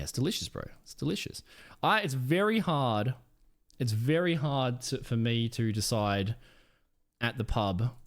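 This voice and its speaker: A man with a South Australian accent chatting casually with his stream chat, playful and smug, swearing offhand. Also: medium pitch.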